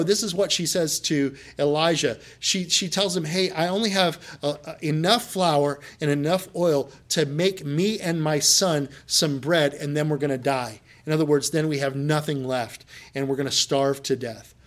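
Male pastor, sermon delivery, conversational retelling that builds to emphatic points, slightly high pitch. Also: moderate pace, hardly any pauses. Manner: conversational storytelling, rising to emphatic preaching.

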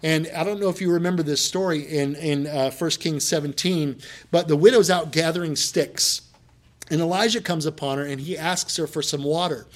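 Guy preaching a sermon, kinda high voice, chatty storytelling then gets emphatic. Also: steady tone, normal speed. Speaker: pastor.

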